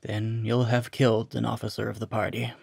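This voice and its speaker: A man voicing a weary, resigned captive officer in a storybook reading, speaking quietly and flatly. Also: lowish voice, fairly quick, gravelly, slightly rough, no room sound, studio quality. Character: weary captured party officer, resigned and numb.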